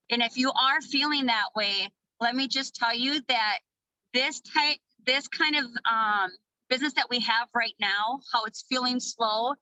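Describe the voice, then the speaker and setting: A woman from Minnesota gives an upbeat, casual pep talk to her sales team, swearing now and then. Her voice sits a little high and comes across bright and forceful. The recording is dry and close, with no room echo. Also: normal speed. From Minnesota, USA. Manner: energetic, casual, swears freely. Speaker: network marketing team leader. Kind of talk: motivational training talk.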